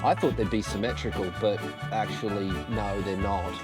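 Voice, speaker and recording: Working beneath a car in his garage, a man vlogs himself with an action camera's external mic, complaining, cursing the task and mocking himself along the way. He speaks at a moderate pace in a fairly low, steady voice while loud music plays behind him.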